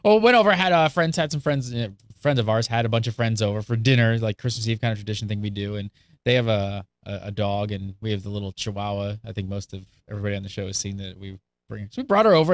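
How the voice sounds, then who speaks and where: A man hosting a casual podcast chat, telling an animated story and acting out the quotes of the people in it. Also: on the low side, no room sound, studio quality. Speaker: show host.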